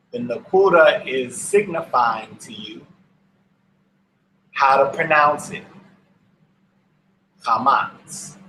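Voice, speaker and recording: A male Hebrew teacher gives a slow language lesson to an online class, speaking patiently and repeating each word for his students. His mid-range voice has a sharp tone, and the rough recording is reverberant with slight background noise.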